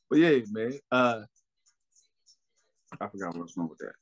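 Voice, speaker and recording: A man in casual podcast chat, telling stories with heavy slang and profanity and acting out quotes with big leaps in pitch. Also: slow. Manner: animated storyteller, acts out quotes with big pitch jumps; heavy slang and profanity, repeats "you know what I'm saying".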